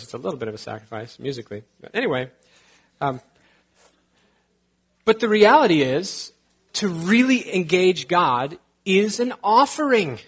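A man's voice: high voice, big pitch swings, moderate pace, pauses often, fairly bright tone, breathy edge. A man preaching a sermon as pastor, conversational with joking asides and quotes from scripture.

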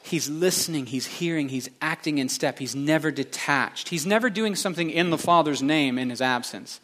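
A man's voice: on the high side, normal speed, fairly bright tone. A male pastor preaching a sermon with passion, stressing his points through repeated phrases.

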